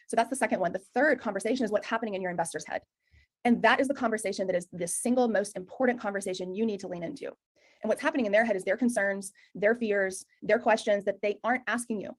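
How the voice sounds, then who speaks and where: A middle-aged Texan woman leads a sales training session, speaking loudly and emphatically. She talks at a rapid clip, with an ordinary mid-range pitch. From Texas. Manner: loud, emphatic, talks very fast. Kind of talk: energetic presentation to a room.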